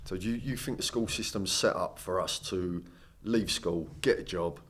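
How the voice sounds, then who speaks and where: Deep-voiced podcast host. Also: male voice, normal speed, fairly bright tone, slightly rough. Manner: prompting, summarising the guest's points. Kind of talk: casual podcast interview.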